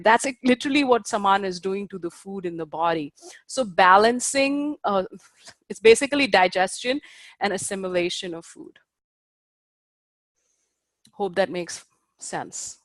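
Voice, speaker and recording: A woman's voice: mid-range voice, no echo. A woman teaching a class. She explains patiently with fillers, checks whether her students understand, and takes care over Sanskrit pronunciation. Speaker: Ayurveda teacher. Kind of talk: lecturing a class.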